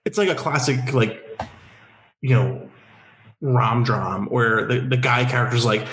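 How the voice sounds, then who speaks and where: A man's voice: mid-range voice, unhurried, a bit bright. A man co-hosting a podcast in casual chat, joking and wry, often stumbling over his opening words. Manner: joking, wry, hesitant starts. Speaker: podcast co-host. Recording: roomy echo.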